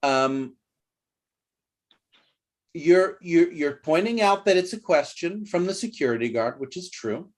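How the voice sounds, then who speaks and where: A man's voice: on the high side, lively intonation, a little slow, pauses often. A man teaching an English lesson, patient but firm, repeating phrases and modelling intonation.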